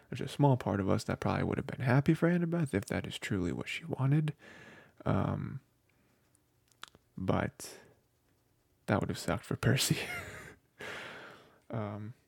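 Gravelly low-voiced man, rambling casually. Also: a little mellow, no echo. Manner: rambling, filler-heavy, with many "you know" and "like". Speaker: book podcast co-host. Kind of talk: casual book discussion.

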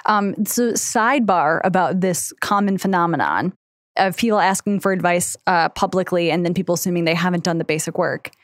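A woman co-hosts an advice podcast, walking listeners through steps and acting out sample scripts in casual conversation. Her voice is fairly low pitched and brisk, recorded in studio quality with no room sound.

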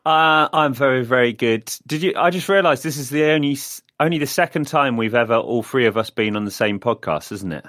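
A man's voice: medium pitch, animated, a little fast, hardly any pauses, fairly bright tone, dry recording, clean studio sound. A man in his thirties co-hosting a film podcast, telling stories with eager enthusiasm. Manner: enthusiastic, laughing storyteller. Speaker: podcast co-host. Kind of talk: casual chat. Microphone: remote call recording.

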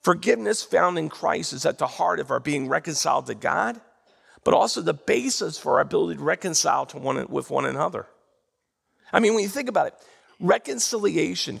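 A man preaching a sermon in church, animated and drawing responses from the congregation. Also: fairly high pitch, vocal fry, breathy edge. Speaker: pastor. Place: church sanctuary.

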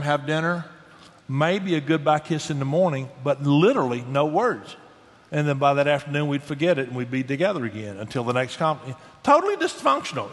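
A middle-aged man talking about marriage in an earnest, folksy way, often restarting his words. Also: a little high. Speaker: guest speaker on marriage. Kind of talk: casual Christian talk show conversation. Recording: long hall reverb.

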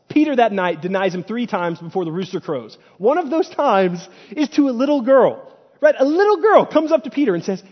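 A man's voice: high-pitched, big pitch swings, moderate pace. A male preacher on a church stage giving a casual, conversational sermon and acting out paraphrased dialogue. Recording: dull sound with long hall reverb.

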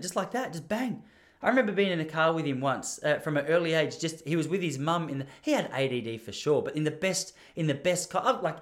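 An Australian man in his thirties telling rambling, animated anecdotes in casual chat. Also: on the high side. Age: 30s. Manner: rambling, animated, laughs while telling stories.

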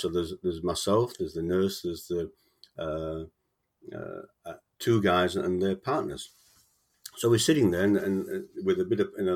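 A man being interviewed about his book, telling his faith story in a halting, earnest way with many repeated words. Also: low-pitched, darkish tone, breathy edge. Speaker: author guest. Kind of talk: casual interview, personal testimony.

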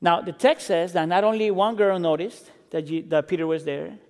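A man preaching a sermon, acting out quoted lines and building intensity before dropping low and quiet. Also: moderate pace. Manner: expressive, acts out quotes, builds intensity then drops low. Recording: reverberant hall.

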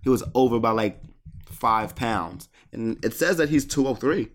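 Excitable man rambling about wrestling. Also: mid-range voice. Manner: excitable, rambling, halting restarts. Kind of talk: casual wrestling chat.

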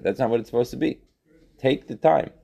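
A man teaching a religious text class, animated, questioning students and repeating phrases as he explains. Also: medium pitch, a little fast, vocal fry. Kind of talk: interactive class lecture.

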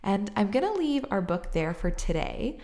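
A woman hosting a book podcast, reading a picture book aloud in a gentle, measured way and chatting. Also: mid-range voice, big pitch swings. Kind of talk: storybook read-aloud and casual chat.

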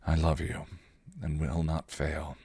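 A man voicing a sardonic male vampire, with a British accent that slips in and out, speaking low and sly. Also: animated, moderate pace, no room sound. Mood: tender. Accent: British, only in patches.

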